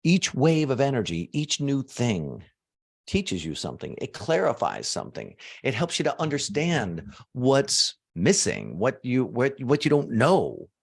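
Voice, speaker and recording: A man coaching an audience on manifestation, talking casually and swinging from soft low asides to loud emphatic bursts. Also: wildly swooping pitch, a little slow, vocal fry, husky. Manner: casual, uses fillers like "like" and "you know". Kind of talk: motivational teaching talk to an audience.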